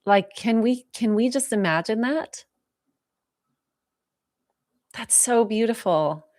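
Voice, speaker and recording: A woman giving a live spiritual talk, speaking softly and slowly with heartfelt pauses as she answers viewer questions, moved close to tears. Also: on the high side, animated. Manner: soft, heartfelt, slow and reflective with pauses.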